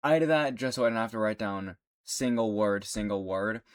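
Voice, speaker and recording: A man's voice: lowish voice, normal speed, clean tone. A man giving casual commentary on a video, rambling and correcting himself with a wry edge. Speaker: video creator.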